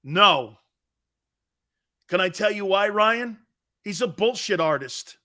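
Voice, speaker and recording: A man's voice: sits high, lively intonation, takes it slowly, sharp tone. A man from Connecticut hosting a sports talk show, blunt and mocking as he reads viewer comments and rants.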